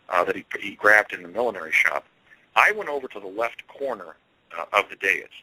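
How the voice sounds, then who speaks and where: A man telling a long first-person story as an interview guest, earnest and halting, with frequent fillers. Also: low-pitched, bright, forceful tone, no echo, low-quality recording.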